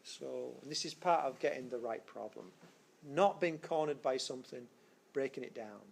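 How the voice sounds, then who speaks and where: A man's voice: mid-range voice, normal speed, vocal fry. A man lecturing a physics class in a rambling way, full of fillers and restarts. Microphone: screencast recording.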